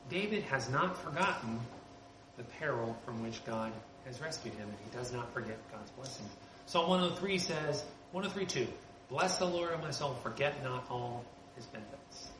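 A man's voice: medium pitch, expressive, normal speed. A man preaching a sermon as a pastor, earnest and conversational, lifting his voice to stress key points. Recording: roomy with background noise.

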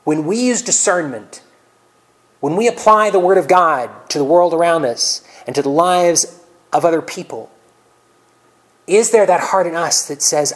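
A man preaching a sermon, reading scripture loudly and then dropping to soft, near-whispered reflections. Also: on the high side, normal speed, rough recording.

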